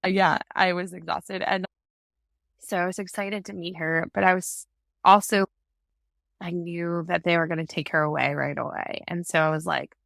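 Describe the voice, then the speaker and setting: Gravelly-voiced woman telling her story. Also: lowish voice, moderate pace, dry recording, clean studio sound. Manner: animated storytelling, acts out quoted exchanges. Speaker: guest, parent advocate. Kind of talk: casual conversational interview.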